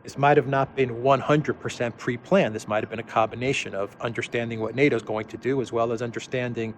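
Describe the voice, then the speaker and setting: A man hosts an off-the-cuff commentary show. His voice sits at an ordinary middle pitch, and he hesitates, repeats words and piles up fillers before landing firmly on his points. A faint ambient noise runs beneath the recording. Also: steady tone, a little fast. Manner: hesitant, many restarts and fillers, emphatic. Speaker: political commentary host. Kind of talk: unscripted commentary monologue.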